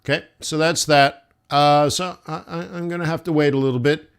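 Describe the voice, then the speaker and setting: In a slightly high voice that stays steady, clear, and resonant, he offers unhurried live commentary on his forex trades. He muses over the charts and keeps addressing viewers as "guys."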